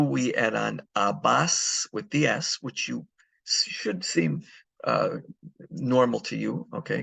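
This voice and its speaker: A man's voice: mid-range voice, gravelly, a bit bright, slightly rough, no room sound. A man teaching a recorded grammar lesson, explaining step by step and answering his own questions. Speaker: Spanish teacher.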